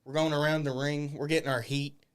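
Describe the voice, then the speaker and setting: A man's voice: on the high side, level tone, fairly quick, clear, resonant tone. A man guest on a podcast, telling wrestling stories with lots of profanity. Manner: profane, acts out quoted voices. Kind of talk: animated storytelling. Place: podcast studio.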